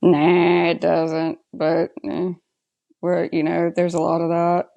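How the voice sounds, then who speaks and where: A woman's voice: lowish voice, monotone, takes it slowly, vocal fry, warm tone, highs cut off. A woman co-hosting a podcast, chatting casually and with strong opinions as she recaps a TV episode and asks her co-host's views. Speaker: podcast co-host.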